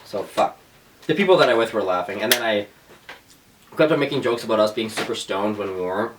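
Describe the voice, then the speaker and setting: A young woman co-hosting a casual podcast chat, sarcastic and animated, laughing often and acting out the people in her stories. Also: extremely low pitch, a little fast, far from the mic, background noise. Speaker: podcast co-host.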